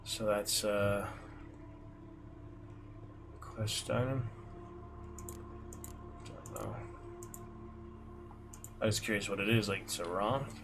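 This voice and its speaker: A man's voice: fairly low pitch, slow, creaky, pauses often, background noise. Easygoing male game streamer. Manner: easygoing, rambling, chuckling. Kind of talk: casual gameplay commentary. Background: game music.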